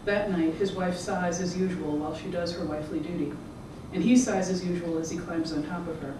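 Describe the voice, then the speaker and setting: An author giving a measured, rhythmic public reading of their own fiction. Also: medium pitch, fairly even intonation. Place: event room. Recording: echoey room, distant mic, background noise.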